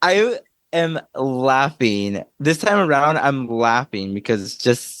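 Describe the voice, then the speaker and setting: A man at an ordinary pitch talks through a film at an unhurried pace, rambling and restarting his sentences. He laughs easily between thoughts. The sound is close and dry. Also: sing-song, fairly bright tone, no room sound. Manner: rambling, self-interrupting, laughs often. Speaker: podcast co-host. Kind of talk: casual movie discussion.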